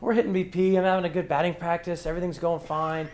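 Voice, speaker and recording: A young man on a podcast, telling a college baseball story in a casual, animated, profane way and acting out the dialogue. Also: a little high, fast. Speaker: podcast guest, former college catcher.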